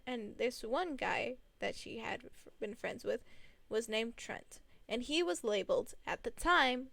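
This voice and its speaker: A woman's voice: sits high, gravelly, fairly bright tone, dry recording. A young adult woman in casual storytime narration, chatty and rambling with many fillers.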